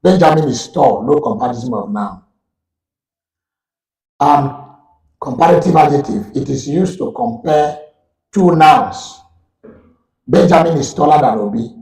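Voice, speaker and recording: A man with a Nigerian accent teaching English grammar in a slow, repeating lecture style. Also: a little high, animated, darkish tone, recorded from a distance. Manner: slow, repetitive explaining. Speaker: university lecturer. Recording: echoey room, voice off-mic.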